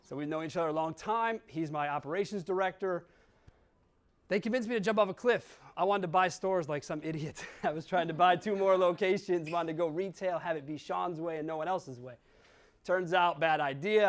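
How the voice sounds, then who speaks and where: A man from Wisconsin giving a blunt, joking conference talk and swearing now and then. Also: on the high side. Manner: blunt, swears, jokes with audience. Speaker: conference speaker. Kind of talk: keynote talk. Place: conference hall.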